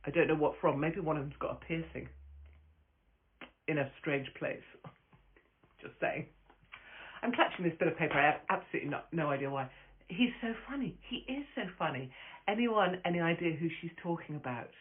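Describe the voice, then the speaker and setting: A stand-up comic chats on a casual phone live stream in an animated, low voice at normal speed, pausing often. She's brash and foul-mouthed, rambles between stories, and laughs frequently, with tinny phone-camera audio carrying a bit of hiss or hum.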